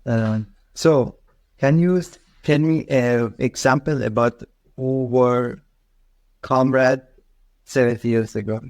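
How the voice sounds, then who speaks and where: A man's voice: mid-range voice, steady tone, slow, a little mellow, dry recording. A man learning English, hesitant and searching for words in a conversation lesson. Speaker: English student.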